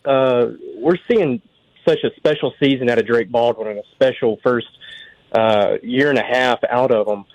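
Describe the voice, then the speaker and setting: A man's voice: medium pitch, moderate pace, no echo, lo-fi sound. A man calling in to a sports radio show, asking a question in a rambling, hesitant way. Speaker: caller.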